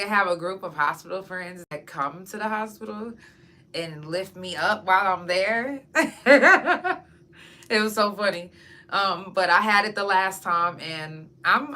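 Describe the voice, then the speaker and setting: A woman hosts her podcast in a casual, unfiltered chat, speaking right to her audience. Her voice is bright and forward, at a middle pitch for a woman. She talks bluntly and curses freely. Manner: frank, chatty and profane. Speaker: podcast host; singer.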